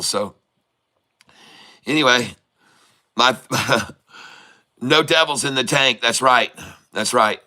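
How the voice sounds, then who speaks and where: A man's voice: mid-range voice, bright, forceful tone. A man live-streaming day-trading commentary, joking with chat and laughing often, then repeating urgent warnings to viewers. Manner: jokey, laughs often while reading chat.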